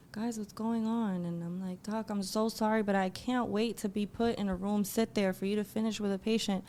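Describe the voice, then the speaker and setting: A woman guest telling an emotional personal story, acting out what people said with lively quoted voices. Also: creaky, slight background noise. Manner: animated, acts out quotes in a higher voice.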